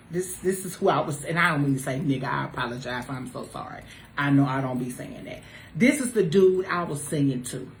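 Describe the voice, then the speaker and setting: A woman on a talk show panel chatting casually with friends, animated and teasing, jumping between loud exclamations and low asides. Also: fairly quick. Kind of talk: casual group chat. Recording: roomy echo with faint noise.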